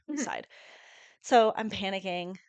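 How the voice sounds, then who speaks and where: At medium pitch and a moderate pace, with no echo, a young podcast co-host in her twenties recounts a story. She's lively and casual, swearing often and performing the quotes.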